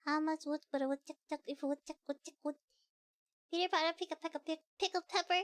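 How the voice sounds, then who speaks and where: A woman's voice: high-pitched, steady tone, fast, fairly bright tone, no echo. A woman streamer in casual live-stream chat, playful and stumbling through tongue twisters in a cutesy anime-style voice.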